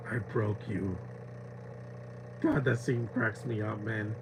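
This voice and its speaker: A man's voice: lowish voice, takes it slowly, vocal fry, background noise. A man giving casual live commentary over a movie, mocking scenes and laughing often.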